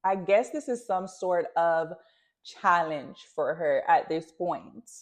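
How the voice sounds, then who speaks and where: A woman's voice: fairly low pitch, animated, slow. A woman hosting a reaction video, talking casually and filling her sentences with "like". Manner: chatty, peppered with "like". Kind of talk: casual commentary.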